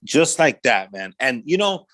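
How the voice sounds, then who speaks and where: At a slightly slow pace and medium pitch, a pastor relates his own life story in a podcast interview. He slips into the voices of those he quotes, acting out their lines, and talks in casual street slang peppered with "man."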